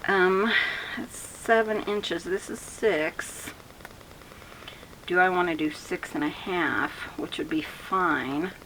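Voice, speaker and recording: A woman's voice: on the low side, slow, a bit bright, slight background noise, rough recording. A woman crafter chatting casually through a tutorial, rambling and thinking aloud as she works. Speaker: craft vlogger.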